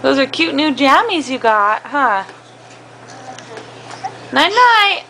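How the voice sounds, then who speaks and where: Mom doing baby talk w her toddlers, high singsongy voice, slow and coaxing, noisy home vid. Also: lively intonation, bright, forceful tone. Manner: sing-song, coaxing, laughs often. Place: family home.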